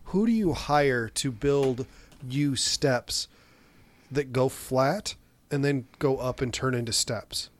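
Man animated in casual movie chat. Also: medium pitch. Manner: animated retelling with quick asides and restarts. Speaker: podcast co-host.

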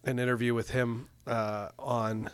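A man's voice: mid-range voice, little pitch movement, unhurried, smooth, no room sound. Podcast guy rambling through a movie story, laughs a lot, mid voice, dry sound. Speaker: podcast co-host. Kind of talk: casual chat about a movie.

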